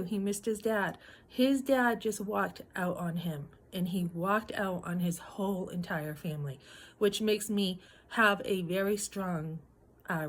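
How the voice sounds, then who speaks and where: A woman in her fifties talking straight to her viewers in a personal vlog, emphatic and indignant, acting out her own sharp words and holding back tears. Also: medium pitch. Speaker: vlogger.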